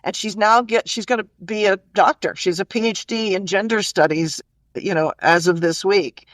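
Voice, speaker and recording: A middle-aged woman as an interview guest, telling stories in an animated, chatty way, full of "you know" and "like". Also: mid-range voice, normal speed, no room sound. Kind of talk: casual storytelling interview.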